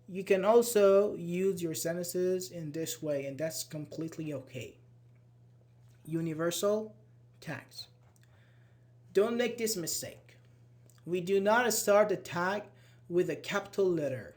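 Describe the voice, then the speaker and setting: Guy teaching english grammar, kinda high voice, patient, acts out annoyed examples. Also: lively intonation, slow pace, long pauses, darkish tone. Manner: explains patiently, acts out irritated example lines. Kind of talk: live online grammar class.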